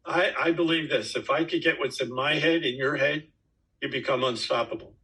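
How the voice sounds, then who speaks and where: A man in his nineties answers a question by telling his own story. He talks in an emphatic, folksy way, with a bright and forceful voice at a middle pitch. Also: normal speed, low-quality recording. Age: 90s. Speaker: network marketing top earner speaking to his team.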